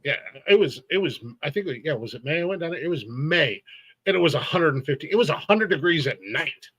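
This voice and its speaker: Middle-aged guy on a podcast, fired up and cussing, kinda high voice, laughs a lot. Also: expressive, a little fast, fairly bright tone, breathy edge, rough recording. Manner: profane, heated storytelling with laughs. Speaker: podcast co-host. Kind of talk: casual chat.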